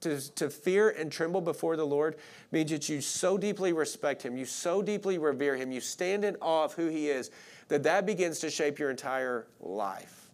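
A male pastor from with a drawl preaches in a relaxed, conversational way. He speaks bluntly and fills his sentences with "like". His voice sits a little higher than most men's. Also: normal speed. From Arkansas. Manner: casual, blunt, frequent "like" fillers. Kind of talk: conversational sermon.

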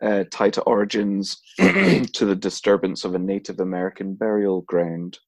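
A man's voice: low voice, moderate pace, darkish tone, slightly rough, dry recording. A man co-hosting a podcast, casually telling a spooky folklore story, laughing often and putting on silly voices for the characters. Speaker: podcast co-host.

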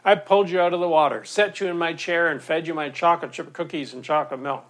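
A man voicing a brisk, confident boat owner who talks in a chirpy, lecturing way. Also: a little high, fairly even intonation, lightly acted. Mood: scolding. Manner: chirpy, lecturing, matter-of-fact.

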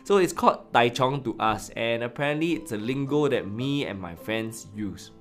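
A man's voice: mid-range voice, lively intonation, moderate pace, soft background music. A man with a Singaporean English accent hosting a podcast, telling casual, self-deprecating stories in a chatty, colloquial way. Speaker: podcast host. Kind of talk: casual storytelling monologue.

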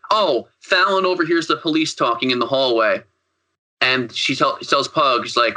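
A man's voice: medium pitch, moderate pace, pushed and bright, poor audio. A man co-hosting a podcast, recapping a film in casual chat, rambling, profane and full of fillers. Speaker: podcast co-host.

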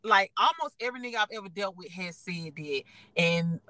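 A woman's voice: mid-range voice, animated, a little fast, bright, forceful tone, dry recording, rough recording. A young woman, chatting frankly and profanely as a podcast co-host, often laughing as she tells stories. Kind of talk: casual chat.

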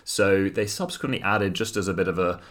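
A man's voice: low-pitched, brisk, a bit bright. A man co-hosting a casual chat show, narrating a story with wry, mock-dramatic asides. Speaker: podcast co-host.

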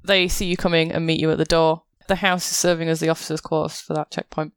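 A woman's voice: low-pitched, level tone, fast, clear, resonant tone, no echo, studio quality. Woman narrating as game master. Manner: wry, playful narration.

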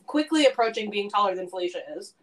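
A woman in her thirties chatting casually on her podcast, laughing through quick asides. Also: medium pitch, expressive, fairly bright tone. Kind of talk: casual chat.

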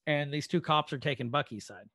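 Guy on a podcast recapping an episode, kinda gravelly voice, fairly high, swears when he gets worked up. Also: brisk, dry recording, studio quality. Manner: animated retelling with quoted dialogue, swearing. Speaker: podcast co-host. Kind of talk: casual chat recapping a show episode.

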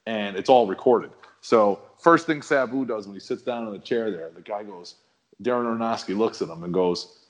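A middle-aged man telling a long story in a relaxed, rambling, slangy way as a guest on a chat show. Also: on the low side, moderate pace. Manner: rambling, laid-back, slangy. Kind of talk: casual storytelling.

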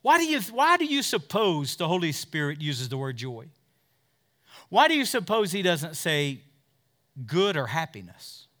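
A male pastor preaching a fervent sermon, drawing call-and-response from the congregation and swinging between loud peaks and hushed asides. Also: fairly high pitch, huge pitch swings, a little slow. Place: church service with a congregation.

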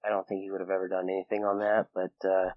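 A young man talks through a personal memory in a loose, rambling way, filling gaps with casual fillers. His voice sits a little low and the sound is dry and close. The recording is somewhat dull and muffled. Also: completely flat delivery, quick pace, dry recording. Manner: rambling, filler-heavy, acts out quoted people in a raised voice. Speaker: interview guest. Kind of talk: personal storytelling in casual conversation.

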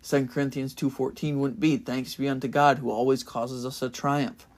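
A young man giving a casual, earnest Bible-study sermon as a podcast preacher, getting louder in bursts of excitement. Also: medium pitch, moderate pace. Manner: earnest and enthusiastic, rising to loud bursts of excitement.

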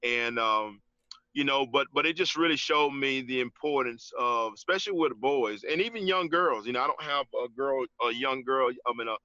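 Man, halting and heartfelt. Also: medium pitch, sharp tone, no room sound, lo-fi sound. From Georgia, US. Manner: halting, many restarts and fillers, says "man" often. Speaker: interview guest. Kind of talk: casual testimony in an interview.

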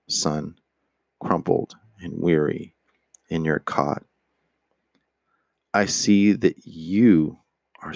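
A man reads a father's confession aloud in a very low, unhurried voice. His delivery is earnest and remorseful, with the odd stumble and restarted word. The sound is dry and close, with no room around it. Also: gravelly, no room sound. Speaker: reader. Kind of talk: dramatic reading of a father's letter.

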